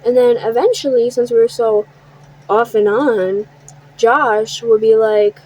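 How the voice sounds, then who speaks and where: A woman's voice: mid-range voice, a little mellow, husky, poor audio. Blunt, profane young woman telling a story. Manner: blunt and profane, quotes others in quick asides. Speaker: storytime vlogger. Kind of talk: casual storytime.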